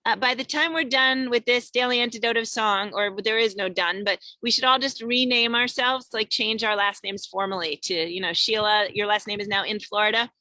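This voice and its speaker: Her voice is a little high, bright and forceful, moving at a normal pace with few pauses, and there's no echo. Sitting in her parked car during a road trip, she runs an online singing show by video call, cheerfully chatting and greeting a long list of viewers by name.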